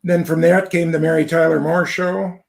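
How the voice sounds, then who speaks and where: A man's voice: fairly high pitch, flat delivery, normal speed, vocal fry. A man in his sixties telling old stories with enthusiasm in a casual video chat. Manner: storytelling, reminiscing, enthusiastic.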